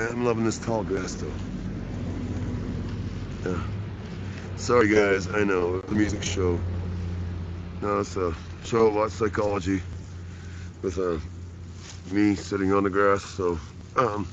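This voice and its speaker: A man with a very deep voice rambles to his livestream viewers, clearly drunk. He swears constantly and jokes loosely with the chat. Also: steady tone, a little slow, long pauses, highs cut off, noisy background. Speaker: livestream musician.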